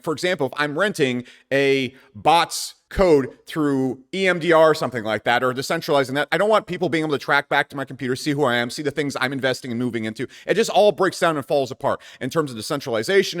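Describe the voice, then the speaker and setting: Man host, rapid casual commentary, brash and profane, long reverb tail on the voice. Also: on the high side. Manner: brash and profane, with sudden loud bursts. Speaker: crypto channel host.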